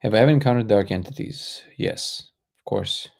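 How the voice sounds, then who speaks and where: A man hosting a casual livestream, answering viewer comments in a relaxed, joking way and thinking aloud as he goes. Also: fairly low pitch, normal speed, gravelly. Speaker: livestream host.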